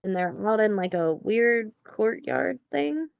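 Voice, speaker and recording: A woman's voice: a little high, animated, unhurried, creaky, clean tone, dry recording, muffled recording. A woman co-hosting a podcast, recapping a film in a casual, rambling way full of fillers and dry asides. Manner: rambling, filler-heavy, wry. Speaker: podcast co-host.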